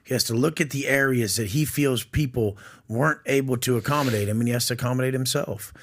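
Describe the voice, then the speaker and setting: A man's voice: mid-range voice, fast. A man talking bluntly and profanely as a guest on a podcast. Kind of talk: casual podcast chat.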